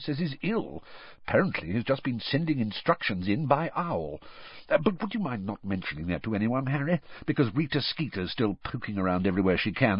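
A man's voice: medium pitch, slightly rough, no room sound, muffled recording, voice pushed up. A man voicing a jovial, nervous middle-aged male wizard official who talks in a hearty, confiding way. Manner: bluff and hearty, dropping to a confiding hush.

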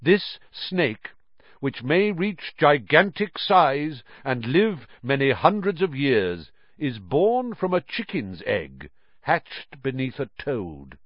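Expressive male audiobook narrator. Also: mid-range voice, no room sound, muffled recording. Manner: measured, expressive storytelling. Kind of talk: scripted narration.

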